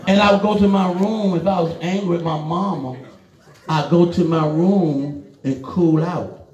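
A middle-aged man preaching a sermon in church, animated and emphatic, swinging from loud urging to low asides. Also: unhurried, roomy sound, dull audio. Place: church hall.

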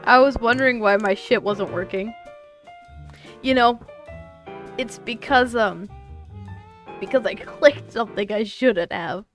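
Slow-talking young woman streamer. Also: on the high side, faint music behind. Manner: exasperated, swearing, laughing at tech trouble. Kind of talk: casual live-stream chat.

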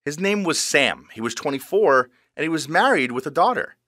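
A man telling a first-person story in an expressive, animated narration style. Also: a little high, fairly quick, no echo, studio quality.

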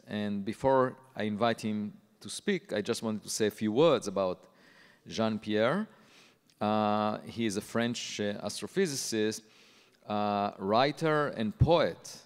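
A man with a lowish voice introduces the keynote speaker, pausing often on uhs as he reads out titles. The sound carries a long hall reverb, as at a conference banquet. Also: smooth. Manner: hesitant, many uhs. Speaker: conference host.

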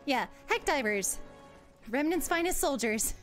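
A woman's voice: high voice, expressive, a little slow, over music. A woman streaming a game, chatting casually with her viewers in a playful, giggly way with mock panic. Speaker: VTuber streamer. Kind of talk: casual gameplay livestream.

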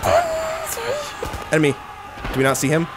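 A young man doing casual, excitable gameplay commentary, rambling, swearing and laughing between remarks. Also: on the low side, moderate pace, over music. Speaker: gaming commentator. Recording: noisy with game gunfire behind. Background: gunfire and artillery from the game.

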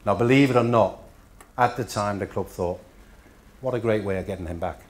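A man's voice: lowish voice, brisk. A middle-aged man from Denmark giving an after-dinner speech in a hotel function room, telling anecdotes with dry punchlines. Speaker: after-dinner guest speaker.

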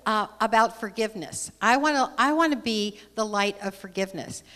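A woman voicing a small, innocent little soul in a read-aloud story, speaking in a high, earnest voice into a handheld microphone. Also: normal speed, pushed and bright, lightly acted. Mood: eager. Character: small eager newborn soul, innocent and hopeful. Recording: long hall reverb.

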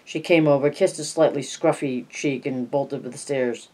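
A narrator reads a horror novel aloud at a measured pace. The voice sits at a mid pitch and drops softer when the tension rises. The telling is steady throughout. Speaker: audiobook narrator. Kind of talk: scripted narration.

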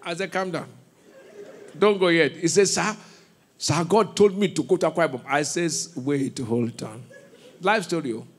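A man with a Nigerian accent preaching a sermon in a church, with call-and-response questions, shouted bursts and laughing asides. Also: a little high, moderate pace, husky. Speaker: pastor.

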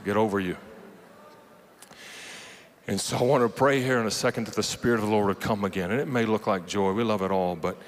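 A man's voice: fairly low pitch, quick pace, hardly any pauses. A man preaching a sermon at a live conference, conversational and earnest, teasing his audience now and then. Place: large conference hall. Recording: long hall reverb from a live event.

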